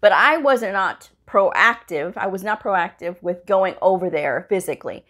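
A woman, a medical coder, telling a casual story about her career on a vlog, acting out the voices of the people she quotes. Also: unhurried. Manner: animated, acts out quoted dialogue with pitch jumps; conversational, frequent "you know" and "okay?".

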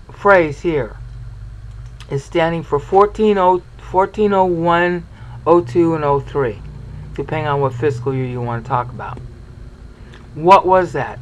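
Slightly high-voiced man teaching Bible study. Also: a little hiss or hum, rough recording. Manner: discursive, checks in with "okay?". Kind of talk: explanatory Bible study lecture.

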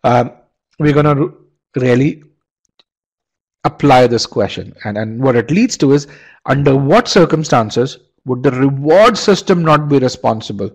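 A man's voice: medium pitch, unhurried, breathy edge, rough recording. A man teaching a live online test-prep webinar, asking the class questions and restarting phrases with repeated words.

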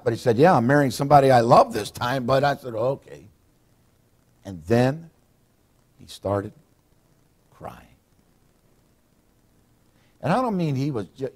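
Lively-voiced man preaching. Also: mid-range voice, slightly rough. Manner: folksy preaching, acts out quotes. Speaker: pastor. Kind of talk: sermon.

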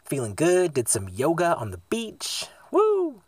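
A man's voice: medium pitch, sing-song, moderate pace, slightly rough, no echo, studio quality. A man from the US East Coast, telling a casual, rambling, profanity-laced story in a van-life vlog recorded on his phone inside a parked van. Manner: rambling, profane, laid-back.

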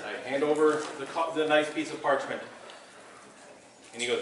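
A man telling a comic story to a live audience, animated and playful, with joking asides and a repeated punchline, recorded from a distance in a hall. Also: medium pitch, brisk, pauses often. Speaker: storyteller at a performance competition. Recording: echoey hall, far from mic, noisy.

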